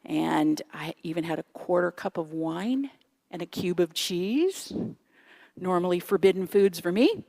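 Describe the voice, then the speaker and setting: A woman's voice: fairly low pitch, lively intonation, a little slow, creaky, dark tone. A woman in her fifties giving a conversational sermon in a church, chatty and self-deprecating, often asking the audience questions. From Canada. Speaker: guest speaker. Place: church sanctuary.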